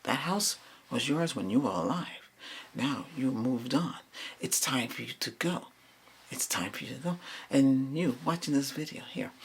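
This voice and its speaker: A middle-aged man doing a reiki ASMR cleansing, repeating soft commands for a spirit to leave and slipping in and out of whispers. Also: mid-range voice, vocal fry, a little hiss or hum. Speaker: reiki healer.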